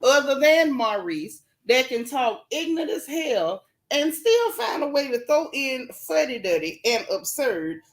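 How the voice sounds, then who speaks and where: A Central Florida woman hosts a live stream, dishing casual gossip in a sassy, blunt way and greeting viewers by name as she goes. Her high-pitched voice is very animated, a little slow, and barely pauses.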